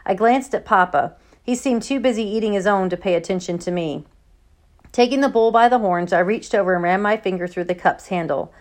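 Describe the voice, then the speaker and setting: A woman narrates a storybook chapter in a steady, unhurried way. Her voice sits at an ordinary middle pitch, neither high nor low. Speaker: audiobook narrator.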